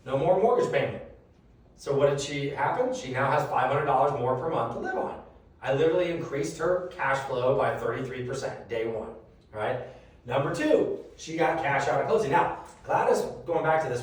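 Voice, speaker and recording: Animated man telling a seminar story. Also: medium pitch. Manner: animated, conversational, swears casually. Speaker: reverse mortgage presenter. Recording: echoey room from a distant mic.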